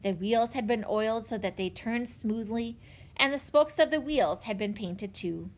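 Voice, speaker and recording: A woman narrating a children's chapter book in an expressive storytelling manner. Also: a little high, normal speed. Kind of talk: audiobook narration.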